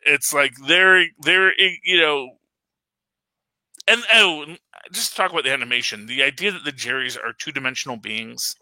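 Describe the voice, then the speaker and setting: A man's voice: fairly high pitch, moderate pace, bright, forceful tone, no room sound. A man hosting a casual podcast chat, rambling enthusiastically with frequent fillers and laughs. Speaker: podcast host reviewing a film.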